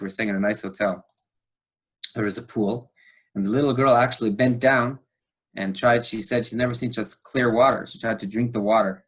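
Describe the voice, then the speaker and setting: A man from the United States, a podcast guest, retelling a tense story with animated delivery and fillers. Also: on the low side. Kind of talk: storytelling interview.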